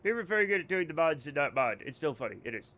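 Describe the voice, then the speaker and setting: High-voiced jokey American streamer. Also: male voice, big pitch swings, very fast, fairly bright tone. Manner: jokey, rambling, talks to chat. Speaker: game streamer. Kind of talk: casual livestream chat.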